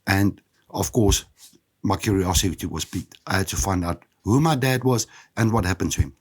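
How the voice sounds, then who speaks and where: A South African man in his fifties, hosting a podcast and telling his own story in a candid, reflective, halting way. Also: deep voice, slightly rough. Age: 50s. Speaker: podcast host. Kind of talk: personal storytelling monologue.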